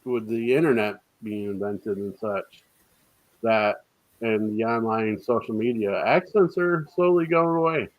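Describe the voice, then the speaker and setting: A man hosting a casual interview chat, relaxed and teasing, laughing easily at his guest's answers. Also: fairly low pitch, measured pace, lo-fi sound. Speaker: host.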